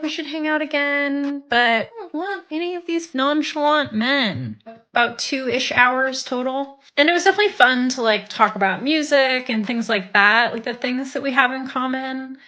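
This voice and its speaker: A woman vlogging, rambling flatly about a date. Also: high-pitched, moderate pace. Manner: flat, rambling. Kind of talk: vlog.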